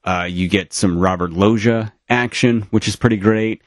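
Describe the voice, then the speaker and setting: Very deep-voiced man, rambling chat. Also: fairly even intonation, normal speed, no room sound, clean studio sound. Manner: rambling, many fillers and restarts. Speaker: podcast co-host. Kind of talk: casual chat. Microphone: remote call.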